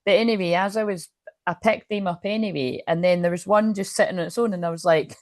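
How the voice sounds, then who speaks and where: Scottish woman, tarot reader, casual and rambling, low-ish voice, dry close recording. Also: steady tone, fast, a little mellow, no echo. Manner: rambling, chatty, swears freely. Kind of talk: casual tarot reading to viewers. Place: room at home.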